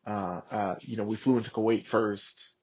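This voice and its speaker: A man's voice: fairly low pitch, normal speed, husky. A man in his thirties, a former Marine, telling war stories casually on a podcast, swearing freely and acting out the people he quotes. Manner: profane, animated, acts out shouted quotes. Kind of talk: casual storytelling. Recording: lo-fi podcast audio.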